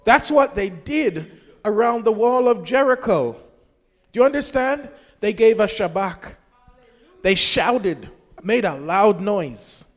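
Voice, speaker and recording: A pastor with a high-pitched man's voice preaches with fervor, rising again and again into loud, ringing shouts. He exhorts the congregation in full sermon style. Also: expressive, slow.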